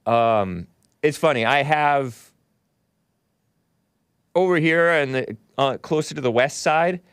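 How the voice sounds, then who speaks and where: A man's voice: a little high, lively intonation, takes it slowly, smooth, no room sound, clean studio sound. A congested man hosting a call-in talk show, rambling casually and laughing often between remarks. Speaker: talk show host taking calls and reading chat.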